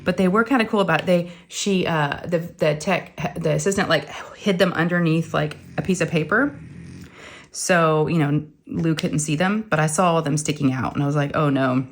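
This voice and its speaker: Speaking at normal speed in a voice that sits low, a middle-aged crafting channel host chats casually while she crafts. She rambles through a lengthy story, acting out the quotes along the way.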